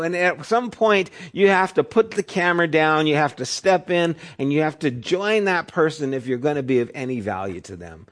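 A man's voice: fairly high pitch, a little fast, hardly any pauses. A middle-aged man who is a pastor, giving a sermon in a conversational, storytelling way. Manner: conversational storytelling, acts out quotes in raised voice.

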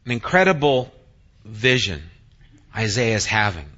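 A man preaching a sermon as pastor, reading scripture dramatically and then talking quietly and earnestly to the congregation. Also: on the low side, sing-song, measured pace, dull audio.

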